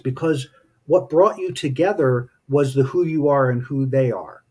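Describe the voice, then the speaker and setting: A man's voice: a little high, normal speed, a little mellow, husky. A man speaking as a spiritual teacher in casual, reflective talk, telling personal stories in a thoughtful way. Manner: thoughtful, anecdotal storytelling.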